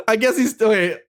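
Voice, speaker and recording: A young woman reading an AI-written story aloud, reacting with giggly, shrieking exclamations. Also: on the high side. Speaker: streamer.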